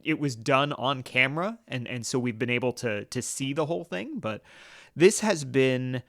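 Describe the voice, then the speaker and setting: A man hosting a political podcast, talking in an earnest, halting way with many restarts and fillers. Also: medium pitch, expressive, no echo, studio quality. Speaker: podcast host.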